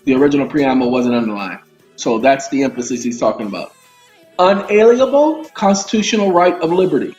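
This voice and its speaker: A man casually reading legal documents aloud and explaining them to his viewers, with lively asides and frequent check-ins. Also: medium pitch, a little fast. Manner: animated, addresses listeners as y'all, breaks off into asides. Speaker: legal commentary host. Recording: roomy, dull sound with faint music.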